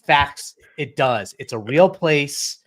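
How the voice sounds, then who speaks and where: A man's voice: a little high, slow pace. Man, upbeat webinar host, playful, video call, restarts often. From Central New Jersey, USA. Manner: energetic, playful, frequent restarts. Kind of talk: upbeat live webinar hosting.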